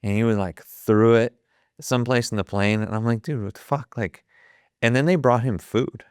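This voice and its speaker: A man's voice: medium pitch, fairly even intonation, moderate pace, smooth, no echo, clean studio sound. A man in his fifties from Ohio, a guest telling a story with lots of profanity and acted-out quotes. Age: 50s. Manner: profane, vivid retelling that acts out the quoted dialogue. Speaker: guest, photographer. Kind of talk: casual storytelling.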